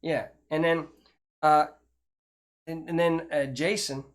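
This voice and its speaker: A man's voice: a little high, steady tone, slow. An older man, hosting a casual chat show and talking in a rambling, chatty way with frequent restarts. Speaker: host.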